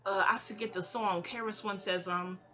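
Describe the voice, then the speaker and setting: A woman's voice: medium pitch, steady tone, brisk, sharp tone. A woman, telling a personal story in a casual, rambling audio-diary style, stammering and restarting and acting out quoted lines.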